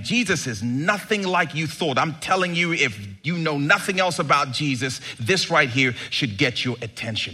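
A male pastor preaching a sermon in an animated, emphatic way, with sudden bursts of excitement. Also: fairly high pitch, moderate pace, hardly any pauses, slightly rough.

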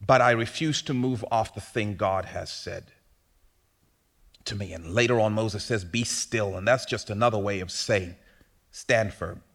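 A man preaching a sermon in a conversational way, asking rhetorical questions and swinging from hushed lines to loud bursts. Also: lowish voice, a little slow, gravelly. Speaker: pastor.

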